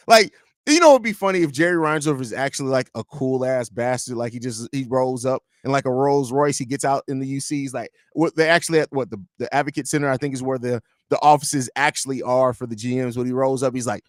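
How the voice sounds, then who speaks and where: A man's voice: medium pitch, fast, no room sound, studio quality. A man hosting a live sports podcast, rambling and joking profanely while reading chat aloud. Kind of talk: casual live-stream chat.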